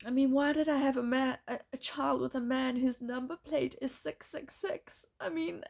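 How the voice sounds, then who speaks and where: A woman speaking in a distressed, halting personal monologue, pleading and breaking off mid-sentence. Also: high voice, fairly even intonation, creaky, a little mellow. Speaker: mother in a custody dispute.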